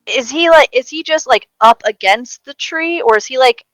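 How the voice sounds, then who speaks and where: A woman's voice: high voice, moderate pace, a bit bright, no room sound, faint music behind, rough recording. A woman playing a tabletop game, chatting casually and thinking aloud as she asks questions. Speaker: player.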